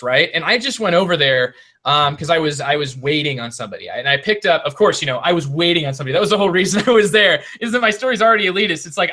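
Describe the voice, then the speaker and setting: A man's voice: high voice, sharp tone. A young man telling a long story in a casual board game podcast chat, full of restarts and asides. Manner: rambling storyteller with many restarts. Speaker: podcast co-host.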